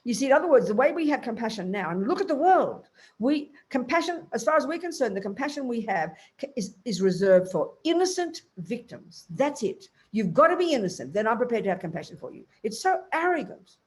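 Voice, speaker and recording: A woman's voice: on the high side, big pitch swings, brisk. An older woman, a Buddhist teacher, giving a blunt, emphatic dharma talk to a group and acting out inner voices.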